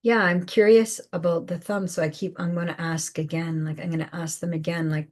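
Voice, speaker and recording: A woman hosting a live spiritual guidance session, speaking softly with many fillers and repeated phrases. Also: on the low side, flat delivery, brisk, hardly any pauses. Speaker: intuitive guidance host.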